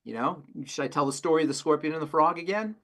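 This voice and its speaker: A man, a pharmacist on a health show, answering questions in an emphatic, rapid-fire way and repeating his key phrases. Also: a little high, a bit bright. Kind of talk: call-in health talk.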